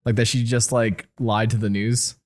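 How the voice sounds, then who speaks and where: A man's voice: medium pitch, level tone. Jokey man chatting on a podcast. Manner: jokey, quick to laugh and swear. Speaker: podcast guest. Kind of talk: casual podcast chat.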